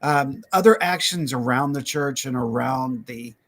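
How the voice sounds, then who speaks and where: A man's voice: medium pitch, unhurried. A man telling a story on a podcast, casually and with animation, acting out what others said and laughing often. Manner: animated, acts out quoted voices, laughs often. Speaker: podcast guest.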